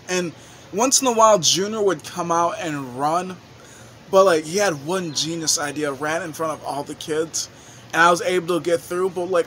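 Animated young man rambling a story. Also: on the high side, a little hiss or hum. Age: young adult. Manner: rambling, animated, swears freely. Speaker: vlogger. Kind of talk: casual storytelling vlog.

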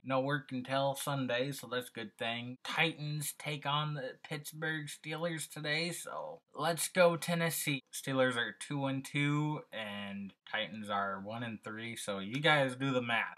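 A young man talks straight to his audience in a loose, rambling vlog chat. His voice has a bright, forward edge and sits at an ordinary pitch. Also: low-quality recording. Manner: chatty, rambling and upbeat. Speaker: vlogger.

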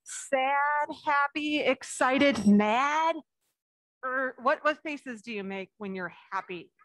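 A woman pastor giving a children's message in church, chatting playfully with the kids and reading a picture book slowly with lively emphasis. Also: high-pitched, no room sound. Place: church sanctuary.

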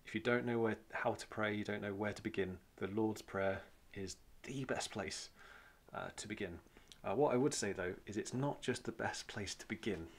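A man with a Welsh accent gives an informal church talk on prayer, plain-spoken and conversational, using many fillers and repeating phrases for emphasis. His voice is on the low side, at a moderate pace.

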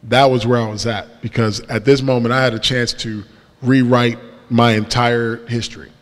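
A man's voice: medium pitch, little pitch movement, moderate pace. Young male guest speaker at a church, mid-range voice, casual slangy storyteller, long hall reverb. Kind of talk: testimony talk from the pulpit. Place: large church sanctuary.

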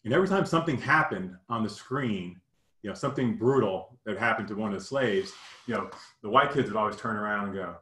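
A man's voice: on the low side, animated, sharp tone, echoey room. Earnest man telling a personal story. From Kentucky, US South. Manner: earnest, halting, many "you know" fillers.

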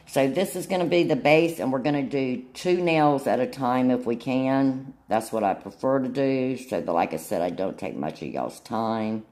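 A woman's voice: a bass voice, moderate pace, few pauses, darkish tone. A woman gives a casual, chatty nail tutorial, often checking in with her viewers. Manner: chatty, keeps checking in with "okay?".

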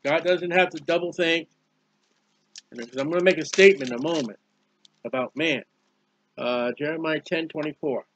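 A man's voice: a little high, normal speed, long pauses, a bit bright, slight background noise. A man giving an informal Bible study sermon, earnest and rambling, reading scripture aloud. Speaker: Bible teacher. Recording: dull lo-fi recording.

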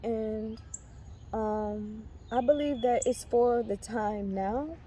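A woman's voice: on the high side, takes it slowly, dark tone, slight background noise. A pregnant young woman rambling earnestly with many fillers and restarts as she shares a faith testimony in a casual vlog. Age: young adult. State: heavily pregnant. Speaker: faith vlogger.

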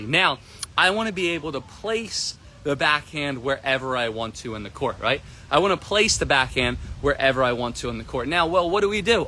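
A man teaching a tennis lesson on a live stream from an outdoor court, energetic and repetitive, often asking "right?". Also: on the high side, background noise. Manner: energetic, repeats himself, keeps asking "right?". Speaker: tennis coach.

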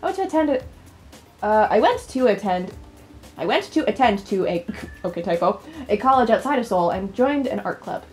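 Soft background music accompanies a woman reading game dialogue as a weary, overworked young female college student, in a plain, subdued manner. She speaks at a normal speed in a mid-range, expressive voice with a darkish tone that stays close to everyday speech.

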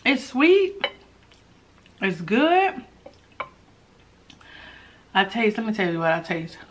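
A woman's voice: mid-range voice, takes it slowly. A woman chatting to her viewers in a casual eating vlog, humming as she tastes and calling out to her audience. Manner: chatty and animated, savoring food with hums. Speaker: mukbang vlogger.

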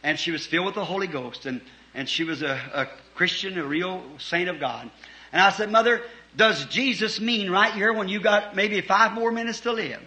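Fervent high-voiced preacher man. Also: normal speed. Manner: fervent, rising to shouts, then dropping soft for stories. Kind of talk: sermon.

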